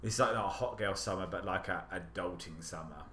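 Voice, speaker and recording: A young man co-hosting a podcast, telling gossipy stories in casual chat, animated and swearing freely. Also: low-pitched, brisk. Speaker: podcast co-host. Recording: echoey room with faint hiss.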